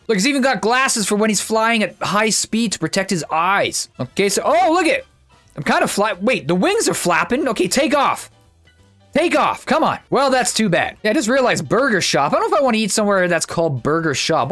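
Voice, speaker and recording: A man giving casual, excitable gameplay commentary as a YouTuber, chatty and thinking out loud. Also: high-pitched.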